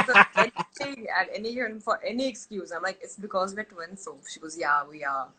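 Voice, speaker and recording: A young adult woman chatting casually as an interview guest, telling animated stories and slipping into quoted voices. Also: medium pitch, fast talker, few pauses, breathy edge, rough recording. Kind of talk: casual chat.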